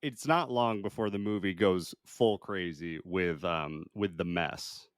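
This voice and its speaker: A man's voice: sits low, measured pace, smooth, no room sound, clean studio sound. A man co-hosting a casual film review chat, laid-back and laughing often. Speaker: podcast co-host.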